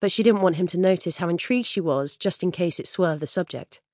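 A woman narrating an audiobook in a measured storytelling manner. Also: lowish voice, darkish tone, dry recording, studio quality. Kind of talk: scripted narration.

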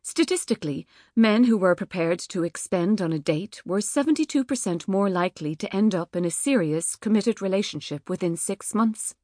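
A woman reading an audiobook in a measured, wry manner. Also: medium pitch, expressive, a little mellow, dry recording, studio quality. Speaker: audiobook narrator. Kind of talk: scripted narration. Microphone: studio microphone.

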